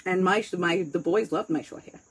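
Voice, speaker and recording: A woman's voice: lowish voice, normal speed, slightly rough, poor audio. A woman with a New York accent chatting casually, candid and rambling, swearing freely as she talks. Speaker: host. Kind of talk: casual chat.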